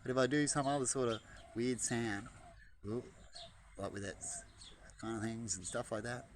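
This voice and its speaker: A man chatting casually outdoors by a bird-feeding spot, rambling and breaking into high, excited baby talk to the birds. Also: normal speed, background noise. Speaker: vlogger. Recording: outdoor audio with birdsong behind. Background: birds chirping.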